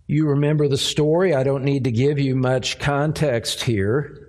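A man preaching an expository sermon, speaking deliberately and repeating words as he finds his phrasing. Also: mid-range voice, steady tone, darkish tone. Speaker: pastor.

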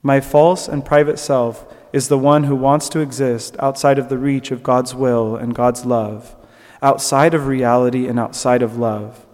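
A man's voice: medium pitch, unhurried, long reverb tail. A young man giving a conversational sermon reflection, with fillers and restarts. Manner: conversational, with fillers and restarts, animated when telling stories. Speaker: preacher.

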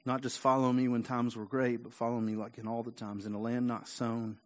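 A man preaching a sermon in a conversational way, often repeating words and rising louder for emphasis. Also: mid-range voice, little pitch movement, brisk. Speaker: pastor.

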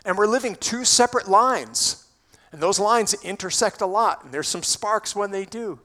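A man preaching a sermon in a church, expressive, building to emphatic peaks. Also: sits high, moderate pace. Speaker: pastor. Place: church sanctuary.

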